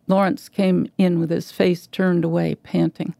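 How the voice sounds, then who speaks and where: Woman reading literary fiction; gravelly, dark, dry sound, measured delivery. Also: on the low side, flat delivery, no echo. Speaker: guest reader.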